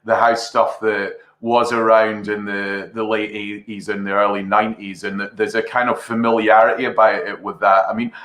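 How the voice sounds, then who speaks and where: A man's voice: on the low side, little pitch movement, normal speed, hardly any pauses, fairly bright tone. A man interviewing a guest, asking long questions full of hesitations and restarts. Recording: roomy echo.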